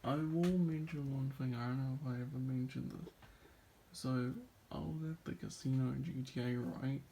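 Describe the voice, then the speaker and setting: A man's voice: mid-range voice, fairly even intonation, moderate pace, dark tone, a little hiss or hum. A man telling casual, rambling stories about gaming with a friend, full of "like" and restarts. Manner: laughs between stories. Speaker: video creator reacting to a friend's clips. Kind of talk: casual storytelling.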